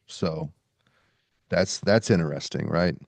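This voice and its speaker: A man hosting a podcast in a casual, halting way, pausing as he reads from his sources. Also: low-pitched, gravelly, dry recording. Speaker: podcast host. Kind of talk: casual podcast talk, reading quotes aloud.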